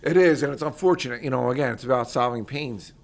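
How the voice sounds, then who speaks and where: A man's voice: mid-range voice, fast talker, creaky. A middle-aged man, a military veteran and former congressman, telling stories in an interview and acting out the conversations he quotes. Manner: energetic, animated storytelling that acts out quoted conversations. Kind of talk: casual interview storytelling.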